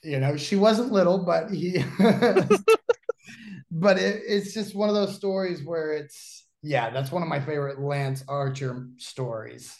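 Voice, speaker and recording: A man telling an anecdote in casual conversation, animated, laughing often and using many fillers. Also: a little high, unhurried. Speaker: guest storyteller.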